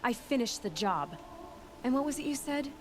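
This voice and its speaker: A woman's voice: high voice, sing-song, normal speed, noisy background. An actress voicing a young woman hunter in a video game, speaking bluntly and dryly. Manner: blunt, dry. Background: game music.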